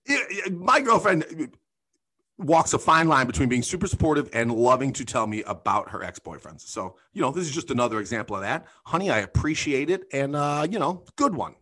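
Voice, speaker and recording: A man's voice: on the high side, sing-song, a little fast, sharp tone, husky. A man hosting a comedic podcast, talking loosely and profanely, laughing often as he reads listener messages and tells stories. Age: adult. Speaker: podcast host. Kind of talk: casual comedic chat.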